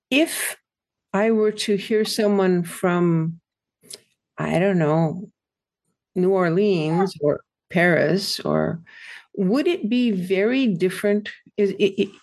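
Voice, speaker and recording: Curious, playful woman interviewer. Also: mid-range voice. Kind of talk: casual interview.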